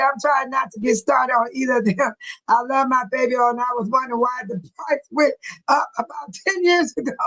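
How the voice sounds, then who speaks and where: A woman's voice: sits high, fairly bright tone, low-quality recording. An older woman, hosting a casual livestream, laughing often and teasing viewers by name as she reads the chat. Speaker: livestream host reading chat.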